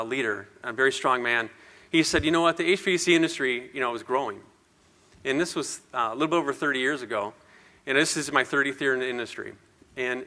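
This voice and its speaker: A man's voice: on the high side, bright, forceful tone, in a large hall. A man in his fifties giving a personal, self-deprecating speech to an audience, rambling and laughing often. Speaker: speaker at an industry event.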